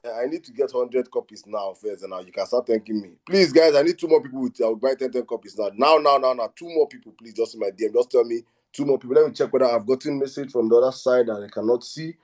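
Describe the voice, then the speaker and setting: A Nigerian man with an accent, hosting a live audio room and selling hard for a guest. He keeps repeating himself and pleading with listeners, pushing them to buy more copies. His voice sits at an ordinary middle pitch. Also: quick pace, few pauses. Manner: energetic, repetitive, pleading with listeners. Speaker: host of an online audio space. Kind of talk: excited live fundraising hype.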